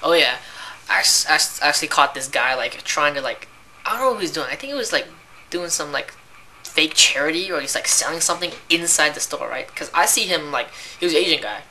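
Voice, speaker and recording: A woman's voice: low-pitched, lively intonation, fairly quick, sharp tone, a little hiss or hum. A young woman who works as a cashier, ranting in a casual, rambling way about annoying customers and filling her talk with "like" and "right?". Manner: exasperated, rambling, heavy use of "like" and "right?".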